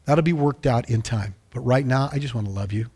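A man voicing a tender, loving divine father in a sermon, speaking softly and coaxingly. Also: mid-range voice, very fast, slightly rough. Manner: soft, hushed, coaxing.

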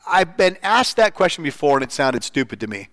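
A man preaching an informal sermon, telling stories, his voice leaping up when he gets excited and falling soft and low for earnest points. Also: brisk, no room sound. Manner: animated, jumps up in pitch for quoted lines. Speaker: pastor.

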